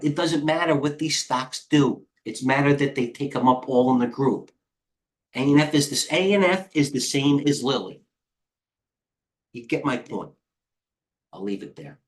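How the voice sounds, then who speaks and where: A man coaching traders live, rambling quickly from one stock to the next and growing excitable as he goes. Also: mid-range voice. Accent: American. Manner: rambling, excitable, jumps between tickers. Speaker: trading coach. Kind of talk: live market commentary.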